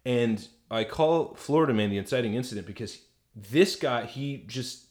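A man co-hosting a podcast, telling a story in crude, animated casual chat with lots of fillers. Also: medium pitch, normal speed. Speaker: podcast co-host.

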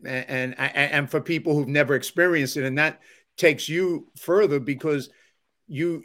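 A man hosts a casual podcast interview, stumbling over his words as he reacts to his guest. His voice sits at an ordinary middle pitch. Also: fairly bright tone. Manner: halting, searching for words, many restarts. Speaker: podcast host.

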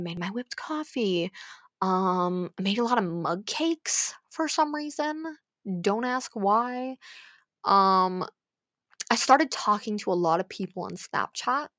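A young woman in a casual, animated storytelling monologue as a podcast host, swearing freely and joking in heavy slang. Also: medium pitch, dry recording, studio quality. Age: young adult.

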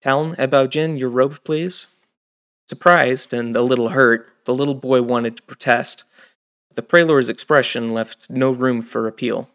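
A man reading a fantasy audiobook in steady scripted narration. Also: mid-range voice, normal speed. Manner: steady storytelling.

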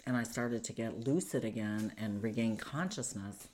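Very deep-voiced woman telling her story. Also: darkish tone. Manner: earnest, halting, with frequent fillers and restarts. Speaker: guest recounting domestic abuse. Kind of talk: personal storytelling in an interview.

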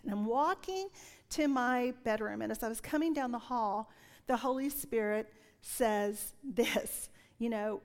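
A woman in her sixties preaching a sermon with a personal testimony, telling her story in an animated way and dropping to a whisper when she quotes. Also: on the high side, unhurried. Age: 60s. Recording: long reverb of a large hall.

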